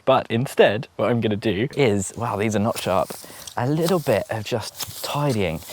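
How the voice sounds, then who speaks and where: Touring his outdoor allotment, a man with a lowish voice chats casually to a handheld camera amid background noise. He's a rambling, talkative vlogger who laughs often.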